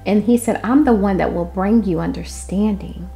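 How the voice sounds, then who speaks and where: A woman delivering a prophetic word in an impassioned way, moving between loud declarations and hushed asides. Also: mid-range voice, normal speed, gravelly, soft background music. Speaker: prophetic minister.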